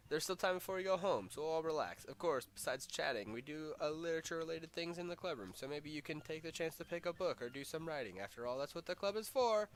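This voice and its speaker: A man's voice: fairly high pitch, animated, quick pace, hardly any pauses. A man reading the lines of a poised teenage girl who leads a club, composed and welcoming.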